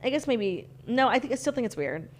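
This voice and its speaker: Young woman cohost, chatty and giggly, bouncy pitch all over. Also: a little fast, slight background noise. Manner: giggly, animated storytelling. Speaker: podcast co-host. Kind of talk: casual chat.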